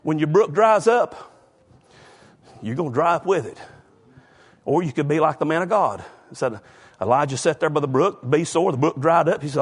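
Preaching man, husky and high. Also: big pitch swings, moderate pace. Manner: swings from low and quiet to loud and shouting, says "bless God" often. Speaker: pastor. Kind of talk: fiery Southern-style sermon.

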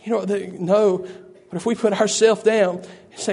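A man's voice: high-pitched, little pitch movement, normal speed, creaky, a little mellow. A man preaching a sermon, fervent and repetitive, calling out to listeners by name. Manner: addresses listeners by name, frequent "I tell you".

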